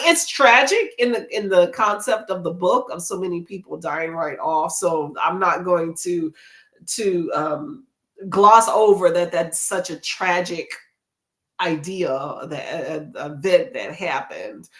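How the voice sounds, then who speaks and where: A woman's voice: lowish voice, a little slow, fairly bright tone. A woman hosting a casual livestream, chatty and laughing often as she reads out chat comments, with a runny nose and feeling under the weather. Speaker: livestream host.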